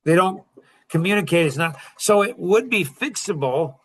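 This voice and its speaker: Storytelling man with a higher voice. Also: moderate pace, husky. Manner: storytelling, animated retelling of conversations. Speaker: coach answering audience questions. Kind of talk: casual Q&A podcast talk.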